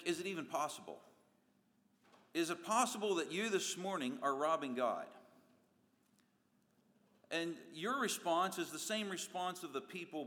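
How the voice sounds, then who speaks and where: A man preaching a sermon in a church, animated, acting out voices and swinging his pitch and loudness widely. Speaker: pastor. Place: church sanctuary. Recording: long reverb of a church hall.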